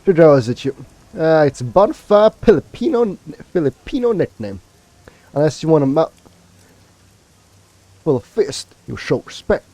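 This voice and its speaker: A man's voice: animated, brisk, mellow, no echo. A man voicing a small, fierce and prickly female orc from a video game, reading her lines aloud in a raised voice. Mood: brash. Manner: read aloud from on-screen dialogue, raised pitch.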